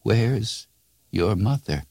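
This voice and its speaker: A man voicing a bewildered old man who has lost twenty years, in a halting, pleading way. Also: lowish voice, animated, creaky, a little mellow, no room sound, clean studio sound, heavily acted. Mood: faltering.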